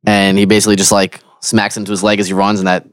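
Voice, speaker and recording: A man's voice: fairly low pitch, level tone, fast talker, smooth, no room sound, studio quality. A man playing a tabletop game, thinking aloud and second-guessing his own choices. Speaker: player. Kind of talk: casual tabletop game play.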